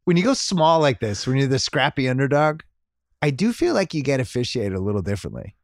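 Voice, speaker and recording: A man's voice: medium pitch, sing-song, brisk, no room sound. Dry-voiced man hosting a sports podcast. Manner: opinionated, talks through points in short bursts. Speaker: podcast host. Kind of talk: casual sports chat.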